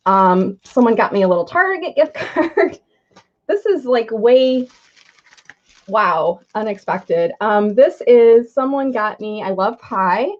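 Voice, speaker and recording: A middle-aged woman chatting on a live video, gushing and effusive as she opens a gift box. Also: a little high. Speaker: marketing consultant unboxing a gift on a live video. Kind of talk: impromptu live unboxing chat. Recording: slightly dull lo-fi audio.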